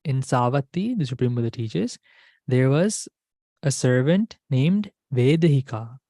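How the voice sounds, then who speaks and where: A Dhamma school teacher tells a teaching story in a warm, mellow voice. The speaker repeats key words and puts questions to the listeners. The sound is close and dry. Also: medium pitch, lively intonation, measured pace, no room sound. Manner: repetitive, asks the class questions. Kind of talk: storytelling lesson.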